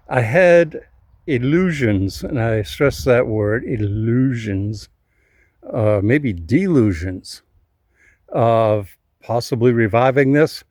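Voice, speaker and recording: A hobby car restorer and channel host talks casually about his car projects from his driveway outside, his humor dry and wry. He speaks at a medium pitch, and the recording carries no room sound.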